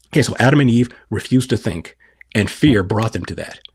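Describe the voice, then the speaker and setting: A man's voice: lowish voice, animated, fairly quick, darkish tone, slight background noise. A middle-aged man on a podcast explaining scripture, asking and answering his own questions. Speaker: podcast guest.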